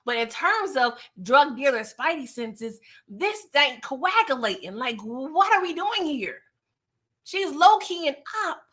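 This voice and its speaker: A woman from New York casually recapping a TV episode, chatty and sassy with animated asides. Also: high voice, takes it slowly. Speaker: TV recap vlogger.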